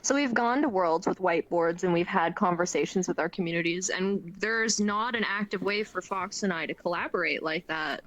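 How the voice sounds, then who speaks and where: A woman's voice: on the low side, normal speed, few pauses, a bit bright. A woman, a voice actress guest on a casual interview show, chatty and playfully joking.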